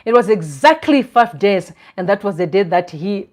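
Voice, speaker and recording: A woman from Zimbabwe, hosting a live stream and talking in an earnest, reflective way with soft laughs. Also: medium pitch, expressive, normal speed. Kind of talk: casual live-stream talk.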